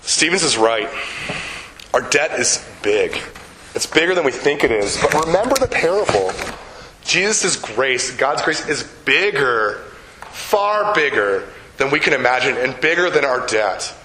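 An older man preaching a sermon. He tells a story, slows down on key words and puts questions to the congregation. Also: medium pitch, sing-song, pushed and bright, roomy sound, slight background noise, low-quality recording. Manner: storytelling, slows down for emphasis, asks the audience questions. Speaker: pastor.

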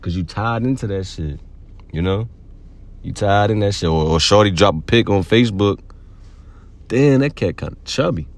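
Low-voiced man giving a loose slangy pep talk. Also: moderate pace. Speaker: podcast host. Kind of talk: casual motivational monologue.

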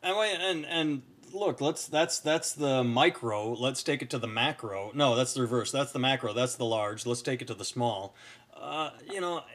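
A man's voice: mid-range voice, fairly bright tone. A man co-hosting a casual podcast chat, rambling through stories and acting out what other people say. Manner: rambling, storytelling with acted-out quotes. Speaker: podcast co-host.

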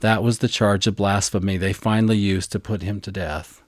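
A man's voice: fairly low pitch, fairly even intonation, no room sound, studio quality. Eager man teaching a scripture lesson. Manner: eager, deliberate, spells out pronunciations. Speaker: podcast co-host teaching scripture.

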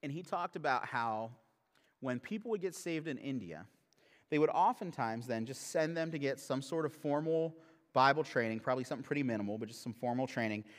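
A man's voice: mid-range voice, animated, a little fast. A male pastor preaching a sermon in a humorous, conversational way that turns earnest. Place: church sanctuary. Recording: long reverb of a large hall.

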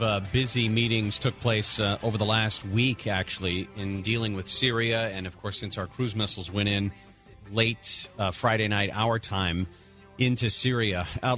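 Bright-voiced male talk radio host. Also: lowish voice. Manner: conversational, with fillers and restarts. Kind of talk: casual talk radio chat.

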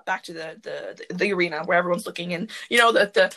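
A woman hosting a podcast from her closet, chatting casually and rambling excitedly with lots of fillers. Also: lowish voice, quick pace, rough recording. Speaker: podcast host. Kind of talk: casual chat.

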